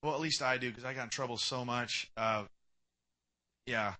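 A young man preaching a sermon from the pulpit, emphatic and animated, often acting out quoted speakers. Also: mid-range voice, normal speed. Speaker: pastor.

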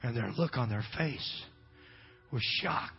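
A middle-aged pastor telling a story in a folksy sermon, dropping in amens and swinging between loud and hushed. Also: male voice, medium pitch, lively intonation, measured pace, gravelly, breathy edge. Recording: dull lo-fi recording with faint music.

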